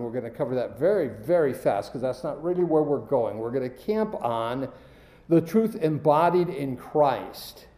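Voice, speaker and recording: A man's voice: mid-range voice, mellow, roomy sound, poor audio. A man preaching a sermon, reading scripture aloud and stressing key words as he goes.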